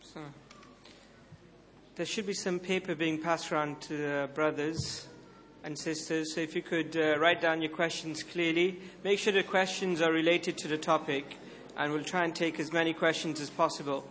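A man's voice: on the high side, fairly even intonation, normal speed, fairly bright tone, a little hiss or hum. A man moderating a lecture event, giving orderly instructions for the question session.

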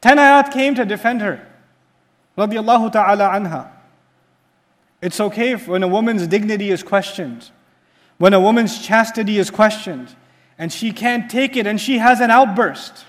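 A man giving a sermon, telling a story with animated questions to his listeners and quickly reciting Arabic verses. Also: sits high. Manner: animated storytelling, asks the audience questions then answers them. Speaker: preacher.

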